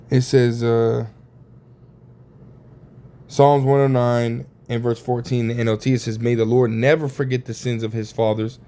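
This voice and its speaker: In a dark-toned, medium-pitched voice, a man teaches scripture informally, swearing casually and ending his points with "right?" and "man."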